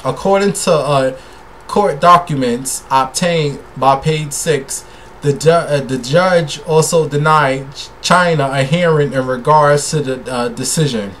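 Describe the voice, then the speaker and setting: A man's voice: fairly high pitch, unhurried, a bit bright, a little hiss or hum. A man, a tipsy gossip vlogger talking in a sassy, brash, profane way straight to his viewers. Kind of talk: casual celebrity gossip rant.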